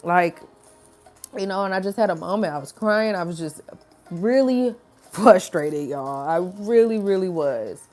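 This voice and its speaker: A woman's voice: mid-range voice, lively intonation, moderate pace, darkish tone, soft background music. A woman giving a casual spiritual pep talk to her viewers, chatty and colloquial, calling them y'all. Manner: acts out voices in quoted dialogue. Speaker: spiritual message creator.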